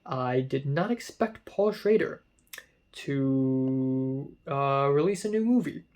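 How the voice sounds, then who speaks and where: A man talking casually about a film festival line-up, rambling with many fillers and growing excited at times. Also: medium pitch, slow pace. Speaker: film reviewer. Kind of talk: casual vlog commentary.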